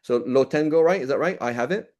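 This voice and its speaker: Man, quran teacher, informal class, mellow voice, explains point by point. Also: mid-range voice, fast talker, highs cut off. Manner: explanatory, checks in with "right?" often.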